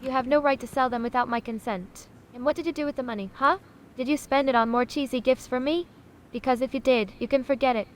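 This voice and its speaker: Quick-paced and sitting high, with a little hiss or hum and light acting, this text-to-speech woman's voice portrays a sassy AI chatbot that thinks of itself as a sausage. Its manner is haughty, dramatic and condescending, peppered with plenty of honeys.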